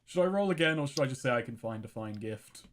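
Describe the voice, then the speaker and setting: A man's voice: mid-range voice, expressive, quick pace, a loud crowd. A man playing a tabletop game, chatty and musing aloud about his choices. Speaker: player. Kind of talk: casual tabletop play.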